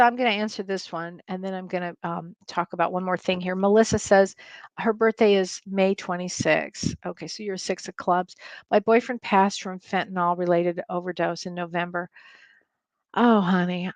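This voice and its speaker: A middle-aged woman hosting a live-stream Q&A as a spiritual medium, reading viewer comments and reassuring them with warm repetition. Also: mid-range voice, no echo. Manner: warm, reassuring, repeats phrases for comfort.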